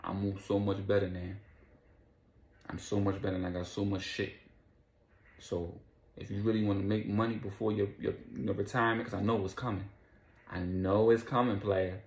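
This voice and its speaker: Brief: tough crime boss, blunt, low and gravelly, told by a man. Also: level tone, moderate pace, echoey room, natural voice. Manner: blunt street talk.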